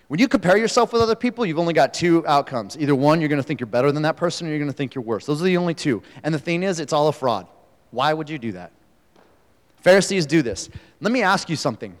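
A man preaching a sermon in a casual, conversational way, telling the story with animation. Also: fairly high pitch. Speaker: pastor. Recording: echoey hall, long reverb.

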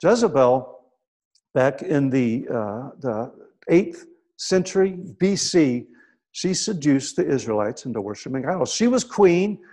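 A man delivers a sermon, recounting scripture stories conversationally, often tossing in "right?" and lowering to a hush for quiet moments. His mid-range voice has a sing-song lilt and an unhurried pace.

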